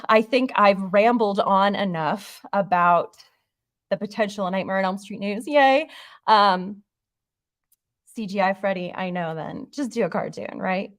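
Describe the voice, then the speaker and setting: A woman hosting a horror channel in a casual livestream, talking in an excitable, rambling way. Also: mid-range voice, a little slow, no echo, clean studio sound.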